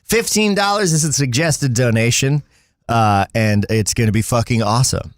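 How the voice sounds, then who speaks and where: A man's voice: medium pitch, moderate pace, no echo, clean studio sound. A man co-hosting a casual livestream chat, joking, laughing and reading viewer comments aloud. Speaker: co-host.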